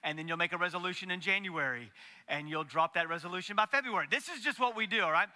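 A man's voice: sits high, quick pace, sharp tone. A man preaching a sermon as pastor, folksy and joking, with asides to the congregation. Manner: folksy and joking, acts out story voices. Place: church sanctuary. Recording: long hall reverb.

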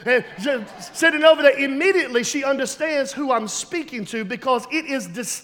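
High-voiced man preaching a sermon. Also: a little fast, big-room sound. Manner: storytelling preacher, builds to loud emphatic shouts. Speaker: pastor.

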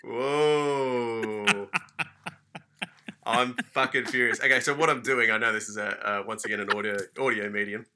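A man co-hosting a casual podcast, telling a story in an animated, sweary, mock-furious rant. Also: mid-range voice, measured pace, background noise. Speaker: podcast co-host.

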